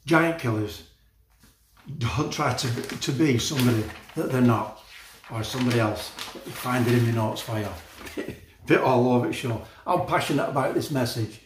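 A man's voice: mid-range voice, moderate pace, roomy sound, background noise. A man preaching a sermon with passion, laughing often and repeating phrases.

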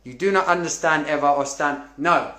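A man's voice: a little high, moderate pace, pushed and bright, echoey room. A man in a passionate casual monologue, swearing and digressing as he speaks.

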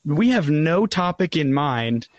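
A man's voice: on the high side, big pitch swings, slow, no echo. A man co-hosting a live podcast from a phone call, chatting casually and joking with his co-hosts. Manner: joking, easygoing banter. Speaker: podcast co-host.

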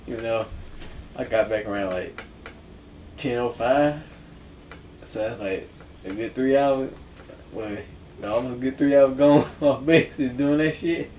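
A man hosting a podcast, telling a casual story that he keeps laughing through and dropping into quiet, low asides. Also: measured pace, long pauses, a little hiss or hum. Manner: laughs through his stories, drops low and quiet when quoting himself. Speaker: podcast host.

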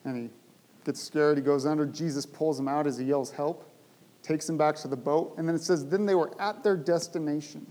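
A male pastor preaching a sermon, speaking with animated emphasis and rising to loud, emphatic bursts. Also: fairly high pitch, brisk, poor audio.

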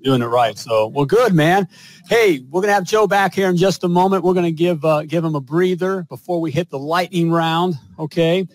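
A male show host and business coach speaks emphatically at normal speed in a fairly high voice, often tagging lines with "all right?" and "you know." The recording is dry, covering host conversation and a spoken sponsor pitch.

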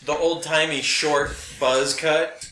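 A man's voice: on the high side, level tone, slow, bright, forceful tone, reverberant, slight background noise. A man in his forties, co-hosting a podcast, rambling through a casual story with lots of filler words. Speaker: podcast co-host. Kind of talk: casual chat.

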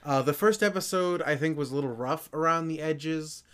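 Man co-host, clear resonant voice, somewhat high, rambles and hesitates. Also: normal speed, a bit bright. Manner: rambling, hesitant, many fillers and restarts. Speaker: podcast producer and co-host. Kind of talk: casual podcast chat.

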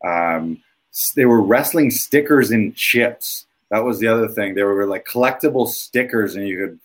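A man's voice: on the low side, moderate pace. A man hosting a casual interview, joking and reminiscing with his guest. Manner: jokey, talks over the guest with playful asides. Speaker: podcast host. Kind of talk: casual chat.

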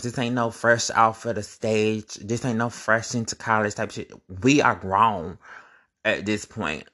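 A young man telling a personal story in a casual, animated, profane and gossipy way, vlog style. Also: mid-range voice.

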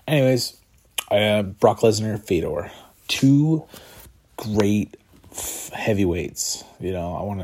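A man talks on his own in a casual, rambling way, his voice very low and husky. He sounds tired and yawns, stacks fillers and restarts, and chuckles to himself now and then. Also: a little mellow. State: tired, yawning. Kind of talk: casual solo talk about combat sports.

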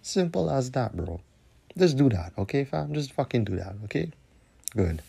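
A man's voice: mid-range voice, very animated, moderate pace, vocal fry, mellow, breathy edge. A man, hosting a podcast and delivering a profane, confrontational solo rant. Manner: profane, confrontational ranting with repeated tag questions. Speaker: podcast host.

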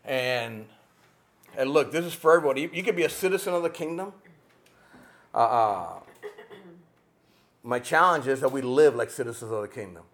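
A man preaching a sermon with passion, rising to near shouts and dropping to quiet, earnest tones. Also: mid-range voice, lively intonation, moderate pace, long pauses. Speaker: pastor.

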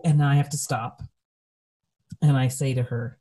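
A woman co-host with a slightly low voice talks earnestly in relaxed conversation. She stays measured and steady, leaning on key words for emphasis. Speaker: podcast co-host. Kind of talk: conversational discussion.

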